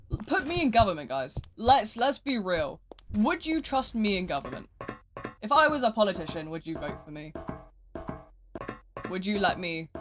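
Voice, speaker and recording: A British live streamer chatting casually and rambling while gaming, swinging between loud asides and quiet mutters. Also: medium pitch.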